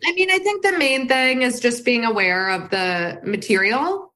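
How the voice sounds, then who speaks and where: A woman co-founder as a podcast guest, explaining in a relaxed, easygoing way with frequent fillers. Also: on the high side, normal speed. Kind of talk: casual interview conversation.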